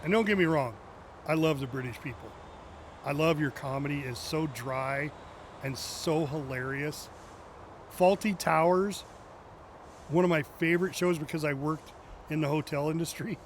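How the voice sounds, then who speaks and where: High-voiced man rambling while gaming. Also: normal speed, slight background noise. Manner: rambling, joking, laughs often; chatty asides to viewers in chat. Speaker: game streamer. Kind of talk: casual chat while playing a driving game.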